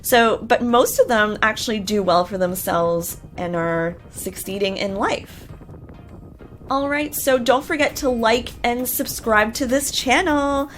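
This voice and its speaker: A woman's voice: fairly high pitch, unhurried, fairly bright tone, faint music behind. Chatty woman recapping reality TV gossip. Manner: chatty, gossipy, with sarcastic asides. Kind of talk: casual recap commentary.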